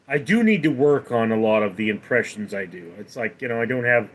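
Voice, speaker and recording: A man's voice: mid-range voice, animated, brisk. A man hosting a casual livestream, reading viewer comments aloud and rambling with many fillers and restarts. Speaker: livestream host.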